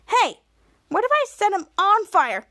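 A woman's voice: very high voice, sing-song, a little slow, pushed and bright, no echo, studio quality, voice pushed up, full character voice. A woman voicing a bossy, whiny young girl who pleads and snaps. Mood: pleading. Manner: pleading and snappish.

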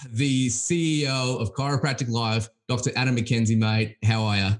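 An Australian man hosting a podcast, casual and teasing, tripping over repeated words as he gets excited. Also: mid-range voice, normal speed. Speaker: podcast host. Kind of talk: casual interview chat.

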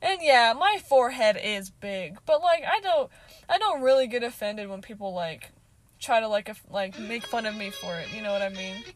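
A vlogger in her twenties tells her viewers a casual storytime, chatty and loose, leaning heavily on "like," swearing often, and laughing frequently. Her voice is a little high and animated, at a normal speed.

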